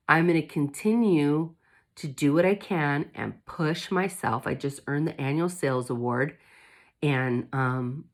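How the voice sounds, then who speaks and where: A woman vlogger talking candidly to her viewers, emotional and determined as she recovers from illness. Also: low voice. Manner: candid, emotional, fighting spirit. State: recovering from covid. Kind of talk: casual chat to camera.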